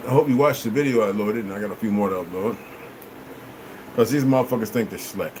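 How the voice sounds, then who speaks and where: A man ranting on a livestream, cursing a lot and swinging between loud outbursts and low mutters. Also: quick pace, noisy background. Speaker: livestream host. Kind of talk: rambling livestream rant.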